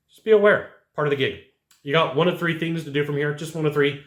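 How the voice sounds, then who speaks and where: A man's voice: a little high, fast. Man coaching sales in an echoey room. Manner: blunt, conversational, rhetorical questions. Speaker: sales trainer. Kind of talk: direct-to-camera sales coaching. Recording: roomy echo.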